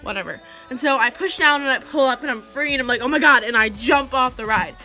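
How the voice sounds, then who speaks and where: Quick, bright-voiced teenage girl vlogger. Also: high-pitched, faint music behind. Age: teenager, about 16. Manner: chatty, rambling, heavy use of "like". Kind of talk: casual storytelling to camera.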